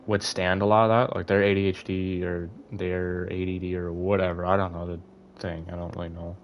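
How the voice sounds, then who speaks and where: A man's voice: deep voice, a little hiss or hum. A young man streaming, chatting casually to his viewers, rambling with lots of fillers and restarts. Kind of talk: casual live-stream chat.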